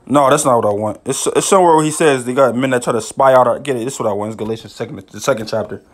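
A man teaching scripture in a casual, excitable way, often adding "man" and "you know", reading verses slowly. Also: mid-range voice. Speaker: bible teacher.

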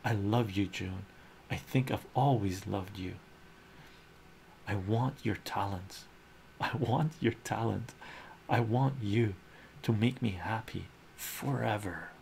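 Man reading an earnest lovestruck man, low voice, gravelly, slow, soft comic-book reading. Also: slight background noise. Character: earnest adult man declaring love to a colleague.

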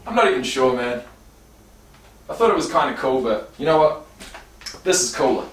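A man's voice: mid-range voice, sing-song, moderate pace, slight background noise. Chatty male vlogger, roomy echo. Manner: chatty, reads card stats aloud, swears casually. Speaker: YouTube vlogger. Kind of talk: casual unboxing vlog.

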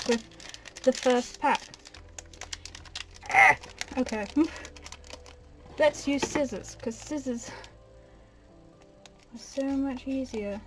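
A young woman chatting casually as she opens trading card packs, excitable and giggly, with gasps and soft asides, from a small bedroom desk. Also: a little high. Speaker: card-opening vlogger. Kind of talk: casual unboxing chat.

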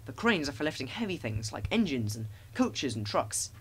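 A man voicing a calm, plain-spoken engine driver explaining things in a storybook reading. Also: mid-range voice, moderate pace, breathy edge, heavily acted, rough recording.

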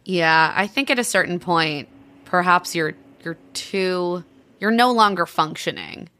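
A woman's voice: fairly low pitch, sharp tone. A woman guest on a podcast, chatting casually and reacting emphatically to a story. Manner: reacts with quick, emphatic outbursts. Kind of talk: casual chat.

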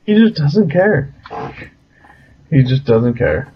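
A man's voice: a little high, big pitch swings, takes it slowly. A man co-hosting a casual podcast, laid-back and agreeable, rambling a bit. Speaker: podcast co-host. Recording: slightly dull lo-fi podcast audio.

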